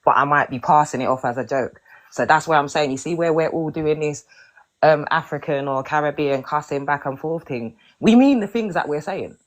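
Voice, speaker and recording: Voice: medium pitch, moderate pace, poor audio. A podcast panelist in a casual debate, arguing firmly and explaining point by point. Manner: firm, explanatory, argues point by point.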